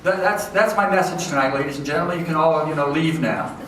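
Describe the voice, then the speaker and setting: A man giving a lively, conversational lecture to educators, often checking in with his audience. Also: fairly high pitch, quick pace. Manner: lively, conversational, keeps checking in with "okay?" and "right?". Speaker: education professor giving a talk. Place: large hall with an audience. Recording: echoey hall from far off, faint noise.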